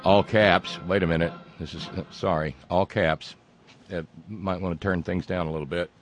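A man's voice: low voice, steady tone, moderate pace, soft background music. A male talk show host who uses carnival-barker patter and mocking asides. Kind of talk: sarcastic talk show monologue.

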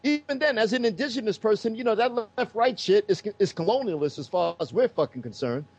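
A man's voice: high-pitched, expressive, fairly quick, a little mellow, breathy edge. A man giving a heated, profane political rant as the host of a talk show, speaking with emphatic force. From United States. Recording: dull lo-fi sound.

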